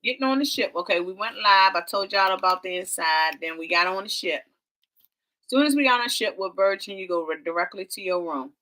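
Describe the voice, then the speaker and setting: Female vlog co-host, dramatic storyteller, bright tone. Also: mid-range voice, fairly quick. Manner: animated, dramatic storytelling with y'all and quoted voices. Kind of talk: casual travel storytelling.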